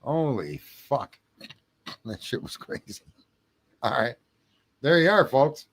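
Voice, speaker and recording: A man's voice: medium pitch, very animated, takes it slowly, fairly bright tone. Rambling late-night man, profane and laughing. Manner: rambling, self-mocking, lots of throat clearing. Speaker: livestream host. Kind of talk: late-night livestream chat. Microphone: home streaming mic.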